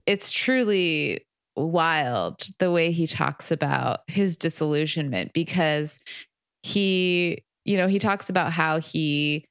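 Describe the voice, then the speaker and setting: A woman co-hosting a podcast, recounting a book in a relaxed, chatty way with frequent laughter. She speaks very slowly in a lowish voice, recorded dry and close with no room echo. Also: clear, resonant tone. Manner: unhurried, laughs often while telling. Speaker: podcast co-host. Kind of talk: casual chat, recounting a book.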